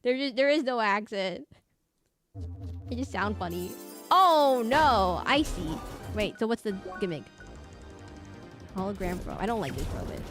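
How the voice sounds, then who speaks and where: A woman's voice: medium pitch, lively intonation, normal speed, long pauses, soft background music. A woman streamer with a nasal voice, mumbling and rambling with many fillers while commenting on a game she plays. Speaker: VTuber streamer. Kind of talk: casual gaming stream commentary.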